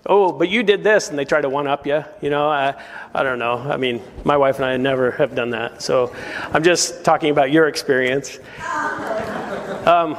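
A male pastor delivers a sermon in an earnest, emphatic way, pressing his listeners with questions. His voice sits a little higher than most men's. The sound carries a long reverb, as if from a large hall. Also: normal speed, background noise. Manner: earnest and emphatic, full of rhetorical questions to the congregation. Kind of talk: verse-by-verse sermon.

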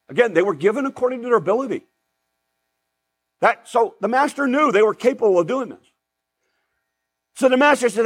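A man's voice: extremely high pitch, normal speed, long pauses, breathy edge. A man preaching a sermon in a conversational way, full of asides and tangents.

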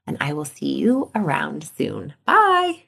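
A woman hosting a motivation podcast as a coach. She talks in an upbeat way and acts out inner thoughts in a lively voice. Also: mid-range voice, normal speed, faint music behind.

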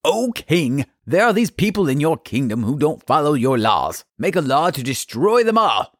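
A man's voice: fairly high pitch, sing-song, normal speed, no room sound, clean studio sound. A man plays a proud, hot-tempered villain who rants at the king and demands harsh laws. His voice swings up and down in a comic kids' story skit. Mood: furious. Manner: ranting, demanding. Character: fuming proud male villain official.

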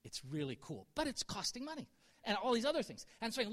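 A middle-aged pastor preaches with a high, light voice that rings out in a large hall with a long reverb tail. He talks candidly and pokes fun at himself. He leans hard into his emphatic moments. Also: huge pitch swings, brisk, a bit bright. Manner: earnest, candid, self-deprecating, rising to emphatic peaks. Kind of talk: sermon.

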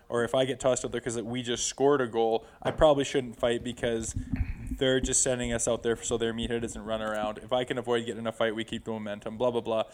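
A man's voice: medium pitch, little pitch movement, fast, a little mellow, a little hiss or hum. A middle-aged man, a former pro hockey player, guesting on a podcast and telling loose, profane, rambling stories in casual chat.

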